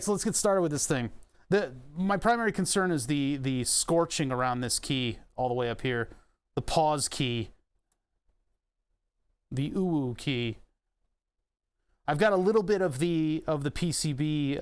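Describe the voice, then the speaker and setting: Male streamer, profane and rambling, smooth clear voice a bit on the high side. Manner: profane, rambling, self-amused. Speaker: streamer repairing a keyboard. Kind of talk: casual livestream chat while working. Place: home room with air conditioning running.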